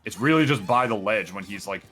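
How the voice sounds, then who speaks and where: A man commentating a fighting-game match in a casual, excitable, joking way, full of "like". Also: lowish voice, fairly quick, faint music behind. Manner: excitable, joking, chatty with filler "like". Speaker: esports commentator.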